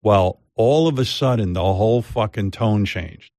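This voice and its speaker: A man's voice: fairly low pitch, measured pace, no room sound. An older man, a radio host, telling a long rambling story in casual chat on a studio mic. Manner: rambling, animated, mimics others' voices in quotes. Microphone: studio microphone.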